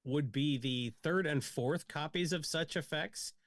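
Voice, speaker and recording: A man's voice: on the high side, a little slow, dry recording, clean studio sound. A man co-hosting a podcast, chatting casually about building a card game deck and teasing his co-host. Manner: joking, teasing, animated.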